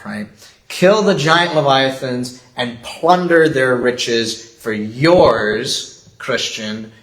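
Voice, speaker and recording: A man's voice: medium pitch, a bit bright. A man preaching a sermon as pastor, in a conversational style that is broken often by chuckles. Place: church sanctuary. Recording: roomy church echo.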